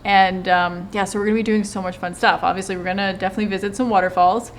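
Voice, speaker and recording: A woman's voice: mid-range voice, fast, slight background noise. Chatty woman hosting a retreat chat. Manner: chatty, animated when quoting others. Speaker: retreat host and channel co-host. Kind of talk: casual chat. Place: lives in Hawaii.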